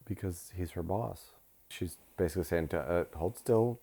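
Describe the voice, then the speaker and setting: A man's voice: sits low, steady tone, moderate pace, gravelly, mellow. Joking man with a cold, co-hosting. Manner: jokey, swears freely, bursts into silly voices. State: has a cold. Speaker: co-host. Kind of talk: casual movie-watching banter. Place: living room couch at home.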